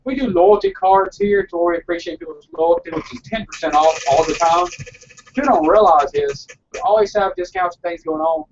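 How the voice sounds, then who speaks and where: A man's voice: sits high, sing-song, moderate pace, far from the mic, lo-fi sound, slight background noise. A man who owns a small frozen yogurt shop, chatting earnestly and a bit rambling on a casual live broadcast.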